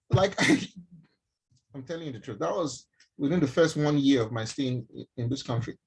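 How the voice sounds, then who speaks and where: A middle-aged Nigerian man with a Nigerian accent, a doctor telling a personal story to an online audience in an emphatic, animated way. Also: medium pitch, normal speed, husky, low-quality recording. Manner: emphatic, animated, addresses listeners directly. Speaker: doctor and mentorship speaker. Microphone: online stream from home.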